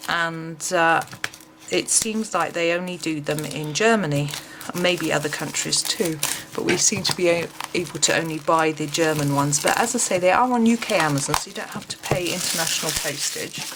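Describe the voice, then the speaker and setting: A woman giving a casual, chatty flip-through of a book, often pausing with um and uh. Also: low voice, noisy background. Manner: chatty, with frequent ums and uhs. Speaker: craft book reviewer.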